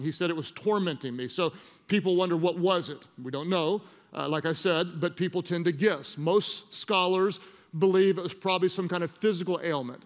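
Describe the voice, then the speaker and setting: A middle-aged man preaching a sermon as pastor, animated, swinging from soft pleading to loud emphasis in a large church. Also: high voice. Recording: long reverb of a large hall.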